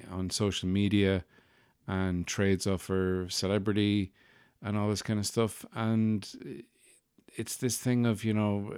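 Podcast host, lowish voice, wry rambling monologue, dry close mic. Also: male voice, darkish tone, clean tone, no room sound. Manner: rambling, wry, self-deprecating asides. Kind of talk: casual monologue.

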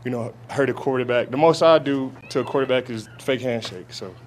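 At an outdoor training camp, a young adult football player takes reporters' questions in a medium-pitched voice. Fillers and restarts make his answers halting, and slight hiss or hum runs underneath.

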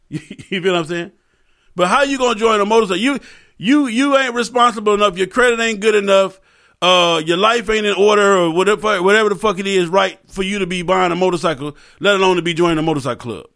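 A man's voice: sits high, creaky, fairly bright tone. A man hosting a podcast, talking in a loose, profane, joking way, with lots of asides to his listeners. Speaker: podcast host. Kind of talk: casual comedic podcast rant.

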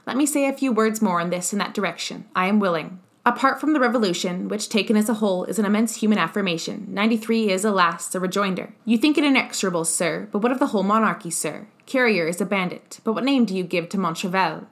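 A woman reads a bitter old revolutionary on his deathbed, fierce in argument. The delivery stays even and measured, at a medium pitch, like an audiobook passage. There is little put-on voice. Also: lightly acted. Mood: indignant. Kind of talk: audiobook character reading.

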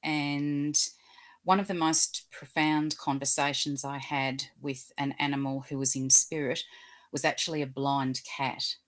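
A woman, an animal communicator, telling gentle, earnest stories in an interview and acting out the quotes. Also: rumbling low, little pitch movement, unhurried. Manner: gentle, earnest storyteller who acts out quotes. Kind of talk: storytelling interview chat.

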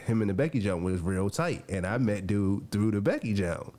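Animated storytelling male podcast host. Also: lowish voice, moderate pace. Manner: animated, acts out quoted lines, laughs often. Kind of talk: casual storytelling.

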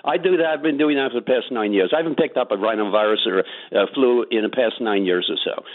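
A man calling in to a radio show, giving advice in a brisk, matter-of-fact way with many pauses on "uh". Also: medium pitch. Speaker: caller. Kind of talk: phone-in advice. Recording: tinny phone line.

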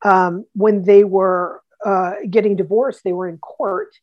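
A woman guest on an interview, telling history anecdotes in a lively way with many restarts. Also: medium pitch, a little slow, muffled recording. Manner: animated, acts out quotes, many restarts. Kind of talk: casual storytelling.

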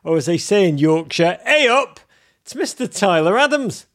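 A man's voice: high-pitched, sing-song, normal speed. A man hosting a podcast interview in a jokey, theatrical way. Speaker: podcast host. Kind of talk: playful interview.

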